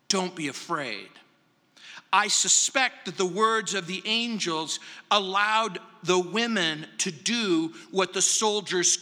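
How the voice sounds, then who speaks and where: A man preaching a verse-by-verse sermon as pastor, slow and emphatic, often dropping soft to stress a point. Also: high voice, long reverb tail. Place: large church sanctuary.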